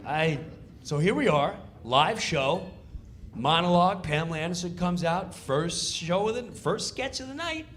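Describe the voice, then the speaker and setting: A middle-aged man, a comedian telling a stand-up story, loud and animated as he acts out scenes. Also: fairly high pitch, a little slow.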